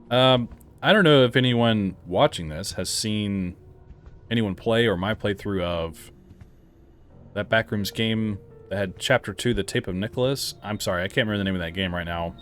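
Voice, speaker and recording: Game reviewer: low-voiced young man, sarcastic asides, faint music under. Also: expressive, normal speed. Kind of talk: casual let's-play commentary.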